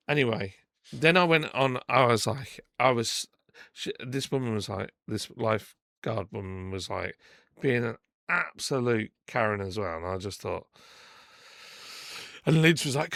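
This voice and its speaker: Male podcast host, gravelly, dry close sound, animated and indignant storyteller. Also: mid-range voice, moderate pace, no echo. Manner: animated, indignant retelling, acting out quotes. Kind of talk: casual storytelling.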